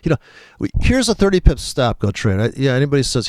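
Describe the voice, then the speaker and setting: A man's voice: mid-range voice, very animated, fast, darkish tone, no room sound, studio quality. A man talking casually and profanely as he comments live on trading charts, rambling and thinking aloud. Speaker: trading video host.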